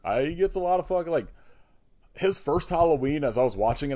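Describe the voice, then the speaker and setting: A man's voice: a little high, sing-song, fairly quick, mellow. A man co-hosting a podcast, chatting casually about horror movies, swearing freely and laughing often. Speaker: podcast co-host. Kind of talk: casual chat.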